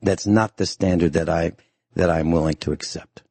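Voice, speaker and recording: Man, radio talk host, very low voice, husky, stern emphatic monologue. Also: fairly even intonation, normal speed, a little mellow, no echo. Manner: stern, emphatic, repeats his points.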